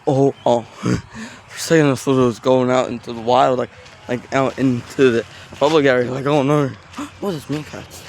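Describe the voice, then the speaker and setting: Walking around a zoo outdoors, a male vlogger talks casually into a handheld phone camera, rambling self-consciously with plenty of filler words. His voice is gravelly and darkish, medium in pitch, with fairly even intonation and a moderate pace. There's slight background noise in this casual walking vlog.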